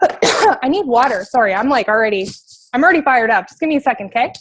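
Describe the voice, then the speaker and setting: A young adult woman giving a motivational team call as a coach, energetic and emphatic, repeating her key points. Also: a little high, quick pace, noisy background.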